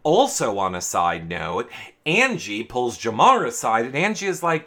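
A man's voice: mid-range voice, wildly swooping pitch, measured pace, sharp tone. A young man casually recapping a reality show, chatty and full of fillers.

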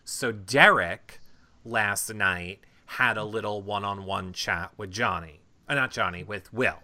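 Chatty man with a bright voice. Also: lowish voice, unhurried. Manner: animated storytelling with many fillers. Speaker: reality show recap host. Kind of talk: casual chat.

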